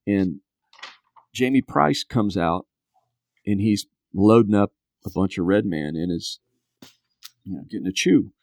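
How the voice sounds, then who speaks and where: Fifties guy guest on a podcast, lowish voice, tells a story and does all the characters' lines, dry sound. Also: unhurried, gravelly, pauses often, no room sound. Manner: animated storyteller who acts out quotes. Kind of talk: casual storytelling.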